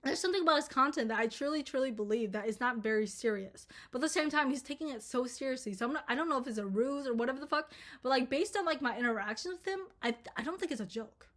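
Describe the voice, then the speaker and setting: A woman's voice: high-pitched, lively intonation, quick pace, fairly bright tone. A young woman from Minnesota telling a storytime to camera, rambling and swearing, with lots of fillers. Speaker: storytime vlogger. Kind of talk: casual storytime rant.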